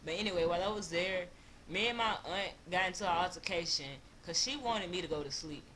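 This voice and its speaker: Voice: medium pitch, fast, pushed and bright, slight background noise. A young adult of about twenty from Louisiana, with a Louisiana accent, telling a loose, slangy storytime vlog. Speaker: vlogger.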